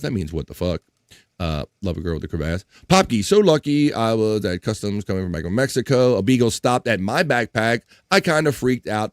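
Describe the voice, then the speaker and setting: A man's voice: medium pitch, dry recording, studio quality. A man hosting a live stream, casually joking and reading news stories and chat comments aloud. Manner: joking, reads chat comments and articles aloud, laughs often.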